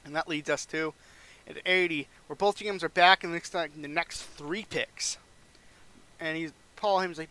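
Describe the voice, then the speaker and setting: A man's voice: on the high side, moderate pace, bright, forceful tone. A young man casually narrating a wrestling management game playthrough, rambling and acting out characters' lines. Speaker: gaming channel host.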